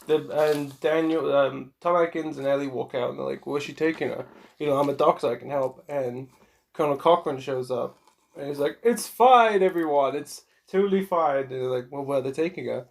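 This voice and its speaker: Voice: medium pitch, fairly even intonation, brisk, vocal fry, darkish tone. Laid-back podcaster summarizing a film plot. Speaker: podcast co-host. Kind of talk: casual movie recap chat.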